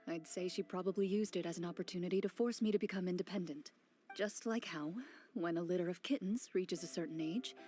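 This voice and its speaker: An actress voicing a calm, composed champion duelist in a video game, speaking in a measured, reserved, quietly dry way. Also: female voice, on the low side, natural voice. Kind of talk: game voice acting.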